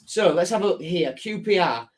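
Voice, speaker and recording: A man's voice: high voice, expressive, moderate pace. Chatty young man with a Hull accent. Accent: Hull, Yorkshire. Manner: chatty, reads out chat messages, self-correcting. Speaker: football fan channel host. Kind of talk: casual live-stream chat.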